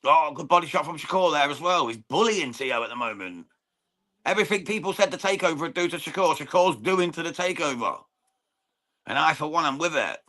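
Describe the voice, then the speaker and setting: An Englishman with a fairly high, expressive voice talks a little fast in a pushed, bright tone. Hosting a live boxing watchalong stream, he chats casually with viewers, calls people "mate" a lot, swears freely, and comments on the fight.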